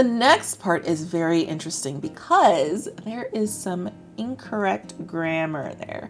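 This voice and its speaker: A woman's voice: lowish voice, lively intonation, takes it slowly, few pauses, faint music behind. A woman with an American accent teaching English to camera in a chatty, upbeat way. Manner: chatty, upbeat, acts out example phrases. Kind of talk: explaining lesson to camera.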